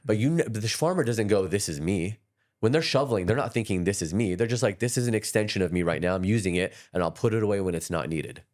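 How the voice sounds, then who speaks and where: A man with a very low voice tells long stories at a rapid clip, restarting his sentences often. He speaks as an energy healer on a podcast, loose and conversational. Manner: rapid, rambling storytelling with many restarts.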